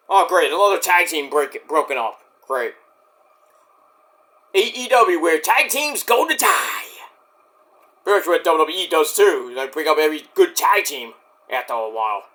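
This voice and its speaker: A man's voice: a little high, lively intonation, normal speed, bright, forceful tone. A man reviewing a wrestling show in casual chat, rambling, sarcastic and profane.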